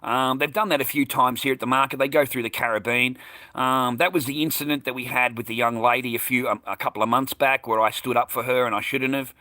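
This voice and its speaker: A middle-aged Australian man telling a story in an angry, profane rant, loudly acting out what he yelled. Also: mid-range voice, fairly even intonation, fast talker, no room sound. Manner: profane, heated, shouting out remembered lines. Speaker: vlogger.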